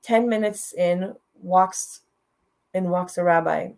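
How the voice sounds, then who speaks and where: A woman's voice: on the low side, takes it slowly, gravelly, a little mellow. Frank woman telling a personal story. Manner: frank, blunt, laughs through hard moments. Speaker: guest. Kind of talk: candid storytelling interview.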